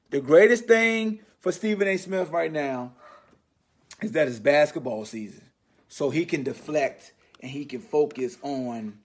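A man hosting a sports podcast, riffing in an animated, slangy, mocking way. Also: on the high side. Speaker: podcast host. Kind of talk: casual sports commentary monologue.

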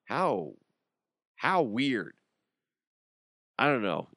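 A man's voice: medium pitch, big pitch swings, drawn-out words, vocal fry, fairly bright tone, dry recording, studio quality. A middle-aged man hosting a radio show in a casual comedic chat, rambling and joking with frequent laughs.

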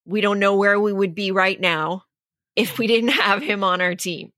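A woman co-hosting a podcast in casual sports chat, measured and agreeable, with many fillers. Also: mid-range voice, fairly even intonation, fairly bright tone, no room sound. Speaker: podcast co-host.

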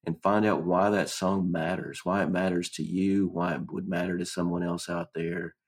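Deep husky-voiced man, calm and earnest. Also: normal speed. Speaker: podcast co-host. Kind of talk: casual reflective advice.

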